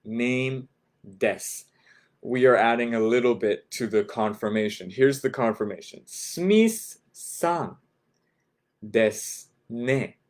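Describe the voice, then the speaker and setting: A man's voice: medium pitch, fairly even intonation, normal speed. A man teaching a beginner language class, patiently repeating phrases, spelling them out and checking in with "right?" after each point. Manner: says "right?" after nearly every point.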